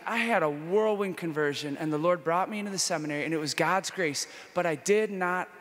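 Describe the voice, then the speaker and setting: A man with a high-pitched voice tells his own story as a priest at a conference. His delivery is animated, rising to enthusiastic peaks and dropping to quiet, intimate passages. The sound carries a long reverb from the hall he speaks in. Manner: lively storytelling, shifts between loud enthusiasm and hushed intimacy. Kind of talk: conference talk, personal testimony.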